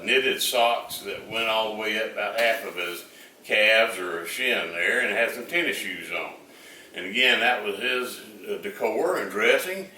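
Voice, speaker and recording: A man's voice: fairly low pitch, pushed and bright, reverberant, distant mic, a little hiss or hum, poor audio. An older man with a Southern US accent telling a rambling, folksy story full of fillers.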